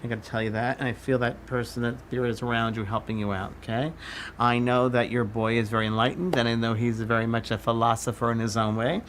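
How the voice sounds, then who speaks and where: A man of middle pitch teaching a psychic class, talking through a live demonstration. He moves in short, halting phrases and keeps circling back to what he feels. Faint noise sits under his voice. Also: steady tone, a bit bright. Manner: halting, repeats "I feel" while reading impressions.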